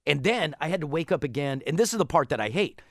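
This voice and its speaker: Podcast host brief: man, rambling storyteller, lively pitch swings, dry close sound. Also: fast talker, no echo. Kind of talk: casual chat.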